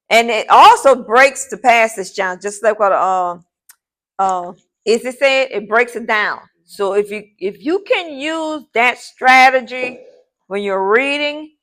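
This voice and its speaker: A woman's voice: a little high, fairly bright tone. A woman teacher giving a classroom lesson in an informal way. She repeats key points and keeps checking in with the class. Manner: repetitive, checking in with "okay?" and "all right?"; informal, addresses the class as "y'all".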